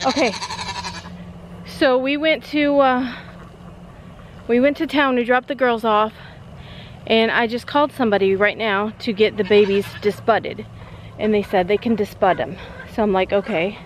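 Woman vlogging on her farm, kinda high voice, talks right at the camera, goats bleating and outdoor noise behind. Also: normal speed, long pauses. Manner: chatty, animated, talks straight to viewers. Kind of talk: casual vlog chat to camera. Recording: noisy outdoor camera audio.

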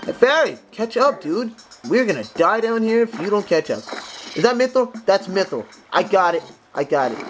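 A young man giving casual, jokey commentary as he plays a game, yelling at enemies and breaking into bits of song. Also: high voice, poor audio. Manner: excitable, jokey, talks to enemies, sings snatches. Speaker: gaming channel host. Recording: music playing under the voice.

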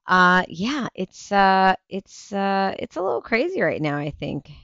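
A woman's voice: medium pitch, very animated, unhurried, a bit bright, no echo. A woman in her thirties hosting a casual talk show livestream, chatty and rambling, tired and burnt out. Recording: dull lo-fi stream audio.

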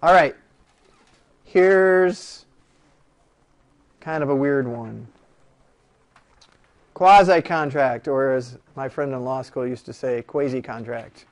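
A man lecturing a classroom on law, animated and jokey, firing rhetorical questions at his students. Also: medium pitch, slow, pauses often, clean tone.

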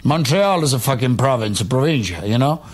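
An actor playing a brash, foul-mouthed boxer with an Italian accent in a comedy radio sketch. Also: male voice, mid-range voice, expressive, fairly quick, lightly acted. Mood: mocking. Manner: swears constantly, brash and mocking. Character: crude Italian boxer, loud, insulting, boastful.

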